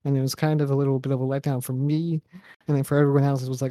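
A man's voice: medium pitch, flat delivery, racing, mellow, no room sound, studio quality. A young man co-hosting a casual wrestling podcast, sarcastic and jokey, swearing freely. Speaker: podcast co-host. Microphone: microphone and headphones.

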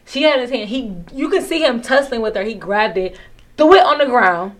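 A woman's voice: on the high side, moderate pace. A woman co-hosting a casual chat, telling a story and acting out the people in it. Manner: animated storyteller, acts out quotes. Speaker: podcast co-host.

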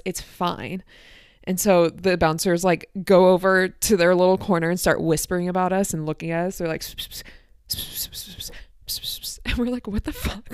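A young woman hosting her podcast, telling a night-out story in a chatty, animated way and acting out what people said. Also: lowish voice, smooth, no echo, clean studio sound. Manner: animated, chatty, acts out quotes. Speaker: podcast host. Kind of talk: casual storytelling.

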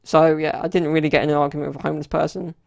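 A man's voice: a little high, little pitch movement, very fast, vocal fry. A man hosting a solo podcast, telling stories in a rambling, casual way with plenty of fillers. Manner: rambling storyteller, many fillers. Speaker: podcast host.

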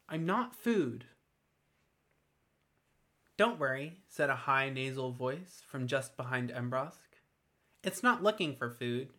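A man reading a fantasy story aloud in a steady, measured storytelling manner. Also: mid-range voice. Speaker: narrator. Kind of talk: scripted fantasy narration.

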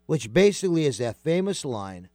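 A man's voice: a little high, moderate pace, no room sound, clean studio sound. A man hosting a radio talk show, chatting casually and often filling gaps with "uh" and "you know". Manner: relaxed, with many fillers.

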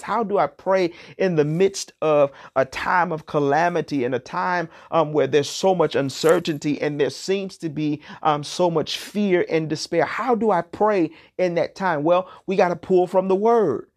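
A man's voice: on the high side, measured pace, hardly any pauses. A man preaching an impassioned sermon who often repeats words and restarts phrases as he builds to emphatic declarations.

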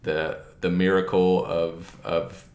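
A man hosts a relaxed conversation about faith and calmly draws out the lesson behind each story. His voice is very deep. The recording carries a roomy echo. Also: slow pace. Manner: calm, affirming, draws out lessons. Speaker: host. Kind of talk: casual chat.

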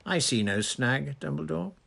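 A man voicing a pompous, blustering male minister who is excitable and triumphant. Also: mid-range voice, a little slow, creaky, pitched above the performer's own voice. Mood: gleeful.

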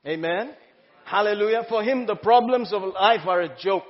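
A pastor preaching an exuberant, laughing sermon in a large church hall. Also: male voice, sits high, moderate pace. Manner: exuberant, laughing, exclaims hallelujah. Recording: muffled sound, long hall reverb.

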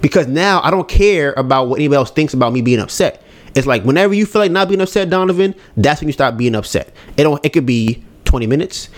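Candid man musing out loud. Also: a little high, lively intonation, fast talker. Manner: candid, rambling, acts out his own inner voice. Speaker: podcast host. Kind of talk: casual solo podcast talk.

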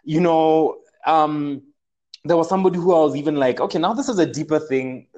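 A young man tells a personal story in a casual chat, animated and leaning heavily on fillers, especially "like." His voice is fairly high and a little fast, and the sound is lo-fi.

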